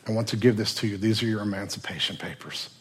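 Preacher doing a kind english guy, husky, quiet and gentle. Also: on the low side, quick pace. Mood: tender. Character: kind Englishman who frees a slave.

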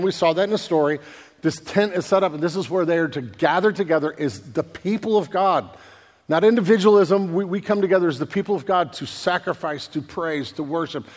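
A man's voice: high voice, in a large hall. A man preaching a sermon in a conversational way, often checking in with his listeners and repeating words as he goes. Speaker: pastor.

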